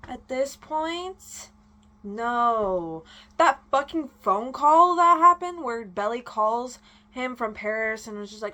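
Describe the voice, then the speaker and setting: A young woman vlogger ranting in casual chat, animated and swearing freely. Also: fairly high pitch, takes it slowly.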